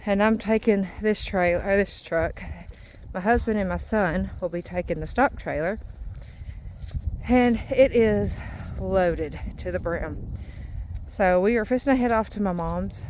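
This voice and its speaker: A woman's voice: medium pitch, a little mellow, a little hiss or hum. A woman, talking casually in a rambling vlog as a mother. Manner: chatty, rambling, with drawn-out fillers. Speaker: vlogger and mother.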